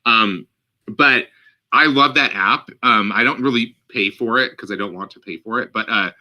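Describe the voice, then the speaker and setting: A man's voice: lowish voice, normal speed, sharp tone. A man co-hosting a podcast in casual chat, rambling with frequent fillers and laughs. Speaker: podcast co-host.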